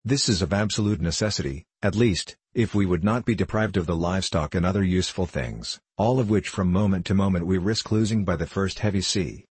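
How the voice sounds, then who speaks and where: Deep, husky male audiobook narrator. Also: a little mellow, no room sound. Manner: measured, first-person storytelling.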